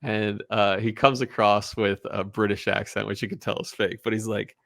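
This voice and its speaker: A man co-hosting a casual podcast, animated as he tells stories and acts out what people said. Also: on the low side, normal speed, vocal fry, few pauses, dry recording. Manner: animated storyteller, quotes people in voices. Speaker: podcast co-host. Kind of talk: casual chat.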